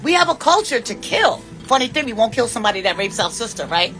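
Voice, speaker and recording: A woman's voice: on the high side, very animated, fast, fairly bright tone, soft background music. Blunt, profane woman preaching life advice. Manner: blunt, profane and preachy, with big swings in emphasis. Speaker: vlogger giving life advice. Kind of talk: unscripted monologue.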